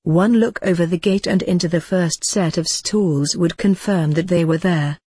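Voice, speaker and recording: A narrator reading a tense rural story in a steady, measured audiobook style, with a husky tone. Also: medium pitch, no echo, clean studio sound.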